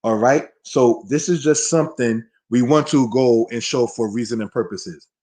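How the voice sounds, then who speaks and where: Man teaching a slow, emphatic Hebrew class. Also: medium pitch, dark tone. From United States. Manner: conversational, addresses listeners as brothers and sisters; slows and stresses key words. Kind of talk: live online class.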